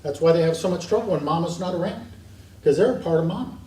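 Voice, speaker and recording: A man's voice: a little high, fast, mellow. A man teaching a parenting class in a church, earnest and storytelling, with emphatic stresses. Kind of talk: classroom lecture. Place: church meeting room. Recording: echoey room from far off, faint hiss.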